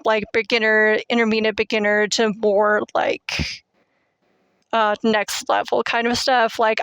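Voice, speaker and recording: A woman's voice: on the high side, a bit bright, smooth, dry recording. A woman in her twenties hosting a casual writing-tips video, rambling with many fillers and joking at herself, on a headset mic. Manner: rambling, filler-heavy, self-deprecating. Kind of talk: casual teaching monologue.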